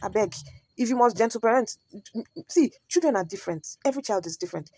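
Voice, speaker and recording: A woman's voice: a little high, lively intonation, fast talker, dark tone. A Nigerian woman hosting a reaction video, chatty and storytelling, slipping into pidgin. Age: adult parent. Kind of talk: casual reaction commentary.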